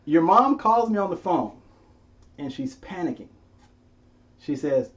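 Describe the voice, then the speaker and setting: A man's voice: a little high, sing-song, a little slow, a bit bright, distant mic, dull audio. A man interviewing his grown son, often laughing as he tells stories and acts out voices in quotes. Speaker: interviewer and father. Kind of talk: unscripted conversation.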